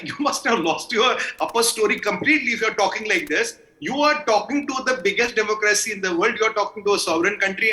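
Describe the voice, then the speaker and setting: A man's voice: high-pitched, pushed and bright, poor audio. A man, a guest in a heated news debate over a video call, talking in a combative, sarcastic, emphatic way. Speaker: panel guest.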